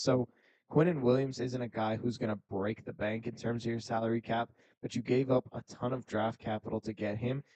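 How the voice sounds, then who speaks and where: A man co-hosting a sports podcast, calmly reasoning through a football trade in casual talk. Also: mid-range voice, dry recording, rough recording. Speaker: podcast co-host.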